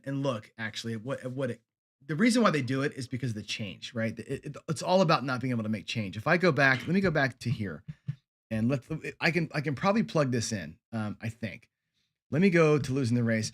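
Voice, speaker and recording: Hosting a casual livestream lesson, a middle-aged man speaks in a medium-pitched, fairly bright voice. He reads and responds to viewer comments conversationally, often using fillers and starting over.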